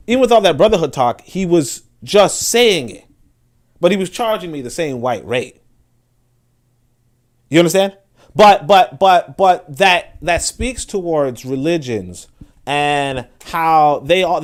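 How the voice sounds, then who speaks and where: A man with a fairly high voice, talking casually on a livestream. He rambles, restarts his sentences and breaks off to check in with his viewers. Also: expressive, a little slow. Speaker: host.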